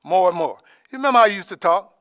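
A man giving an informal, conversational sermon as preacher, dropping in praise asides and trailing off softly. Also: high-pitched, animated, quick pace, clean tone, no echo, studio quality. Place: church in Alaska.

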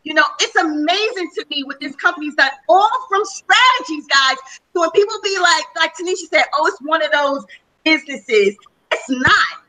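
Bright high-voiced woman on a call. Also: moderate pace. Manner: emphatic, repetitive, animated storytelling. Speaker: panelist sharing testimony. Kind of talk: conference call testimony. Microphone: conference call line. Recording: distant from the mic.

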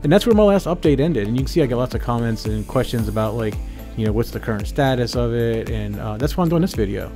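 Recorded on a phone inside a trailer, a ham radio channel host strolls through his gear, giving an easygoing walkthrough that's thick with fillers and restarts. His voice is mid-range and fast with few pauses, over soft background music.

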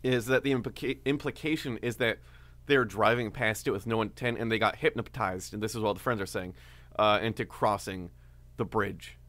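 A man co-hosting a podcast, telling a story in a relaxed, casual way with many fillers. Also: on the low side, brisk, no room sound. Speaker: podcast co-host.

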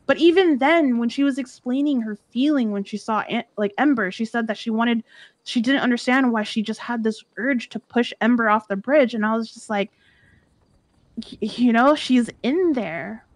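Young woman, roleplay chat, earnest emotional retelling, fairly high voice, dry close sound. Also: moderate pace, no echo. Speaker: roleplay streamer.

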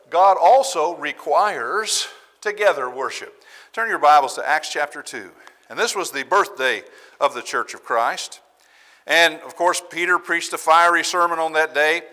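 Emphatic preacher in a church hall. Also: male voice, high voice, bright, forceful tone. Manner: emphatic, repeats phrases for stress. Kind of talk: sermon. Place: church sanctuary.

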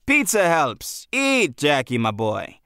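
A man voicing a jolly middle-aged pizzeria owner, loud and affectionate, in an audiobook. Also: a little high, huge pitch swings, slow pace, smooth, dry recording, studio quality, exaggerated voice. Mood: boisterous. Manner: boisterous, affectionate. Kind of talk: audiobook character voice.

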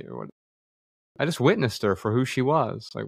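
A man's voice: fairly low pitch, animated, normal speed, gravelly, no room sound, studio quality. A man talking thoughtfully as a guest in a conversation, explaining ideas through examples, sometimes restarting a word. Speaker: podcast guest. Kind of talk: reflective conversation.

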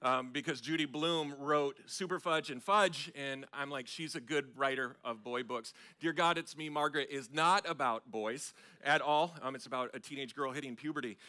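A man, preaching a sermon as a pastor and telling self-mocking stories in an animated way. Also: a little high, normal speed. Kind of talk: storytelling sermon. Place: church sanctuary.

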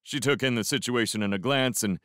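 A man reading a novel aloud as an expressive first-person fan audiobook narrator. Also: medium pitch, fairly quick, dry recording, clean studio sound. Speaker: audiobook reader.

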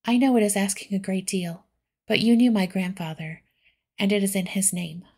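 Whispered role-play, lady reading an eager remorseful young gentleman, hushed breathy tone. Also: mid-range voice, normal speed. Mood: remorseful, earnest. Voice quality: soft, breathy.

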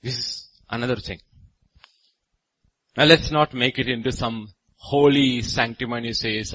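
A man's voice: medium pitch, steady tone, unhurried, dry recording, low-quality recording. Emphatic man preaching a sermon. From India. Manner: emphatic, with sudden loud rises on repeated phrases. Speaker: pastor. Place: church.

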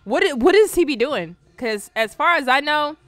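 A woman's voice: high-pitched, animated, normal speed, fairly bright tone, no room sound, faint music behind. A woman host chatting casually as she reacts to memes, rambling in slang and laughing often. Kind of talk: casual meme-reaction chat.

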